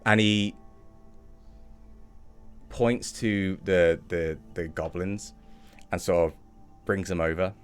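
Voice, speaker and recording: A man runs a tabletop game, narrating in a loose, chatty way that keeps the story rolling. His voice is very low, with faint music playing behind him. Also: steady tone, slow, pauses often, clear, resonant tone. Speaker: game master.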